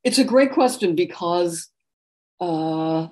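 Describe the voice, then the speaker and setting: Lively storytelling woman, slightly low voice. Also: takes it slowly. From New York, USA. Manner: animated anecdotal storytelling with laughter. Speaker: author and guest. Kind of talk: conversational interview storytelling.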